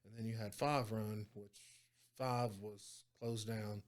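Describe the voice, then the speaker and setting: A man's voice: on the low side, slow pace. Profane man telling stories. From Oklahoma. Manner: profane, animated storytelling with quoted dialogue. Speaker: guest, former prison guard. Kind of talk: casual storytelling interview.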